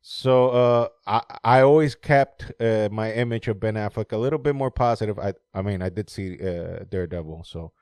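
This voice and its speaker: A man's voice: on the low side, normal speed, hardly any pauses, clear, resonant tone, no room sound. A man chatting casually about movies, rambling, laughing often and swearing freely. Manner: animated when mocking movie scenes.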